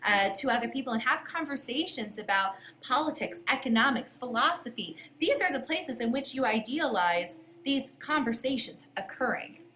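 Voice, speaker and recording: A woman's voice: high voice, a bit bright. A woman with a Southern US accent, co-hosting a history podcast lesson in a chatty way with fillers. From American South. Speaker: history teacher, podcast co-host. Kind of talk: educational podcast discussion. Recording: echoey room, faint hiss.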